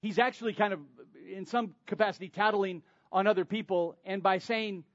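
A man preaching a sermon, dramatic, swinging between loud emphasis and near-whispers. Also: high-pitched, steady tone, moderate pace, no echo, lo-fi sound. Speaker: pastor.

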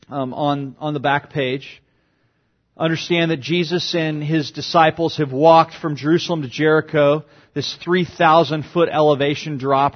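A man preaching a sermon as pastor, explaining a passage verse by verse and acting out quoted cries with sudden rises in voice. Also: highs cut off. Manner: dynamic, acts out quoted lines with big pitch jumps.

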